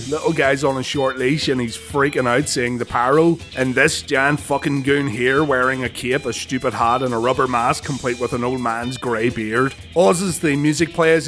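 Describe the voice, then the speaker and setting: A man's voice: mid-range voice, fairly bright tone. A man giving scripted, sarcastic narration about wrestling history, swearing freely as he goes.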